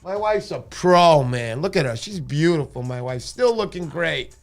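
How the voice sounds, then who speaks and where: A middle-aged man hosting a casual livestream, playful and jokey with loud bursts of excitement. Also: on the high side, moderate pace, creaky, faint music behind. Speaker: livestream host.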